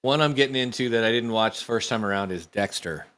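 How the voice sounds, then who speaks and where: A man's voice: medium pitch, fast, fairly bright tone. A chatty man with a mid-range voice talks casually, keeping an easy, conversational flow. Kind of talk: casual chat.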